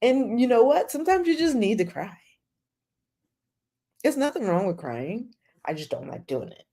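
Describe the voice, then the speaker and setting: A woman's voice: fairly high pitch, sing-song, moderate pace, warm tone. A woman hosting a casual live chat, rambling with lots of "like"s and talking straight to her viewers. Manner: chatty, rambling with many "like"s; talks straight to the chat audience. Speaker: host of a drama chat show.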